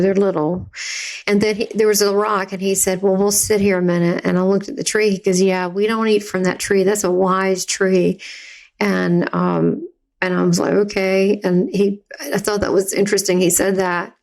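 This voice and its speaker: A woman with a Southern US accent tells a personal story as a podcast guest. Her delivery is chatty and vivid, and her voice sits in an ordinary middle pitch. She acts out the voices she quotes. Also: flat delivery, moderate pace, a little mellow.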